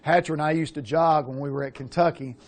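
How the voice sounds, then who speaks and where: Gravelly older coach. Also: male voice, on the high side, fairly even intonation, fast talker. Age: around 60. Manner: casual, profane, rambling storyteller. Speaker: quarterback coach. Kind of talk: coaching clinic talk.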